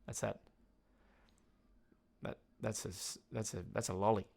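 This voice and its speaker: A man's voice: fairly low pitch, little pitch movement, a little slow, gravelly, darkish tone, slightly rough. Rambling, swearing Australian guy. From Tasmania, Australia. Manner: rambling, swears a lot, laughs at himself. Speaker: podcast host. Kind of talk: casual solo rant.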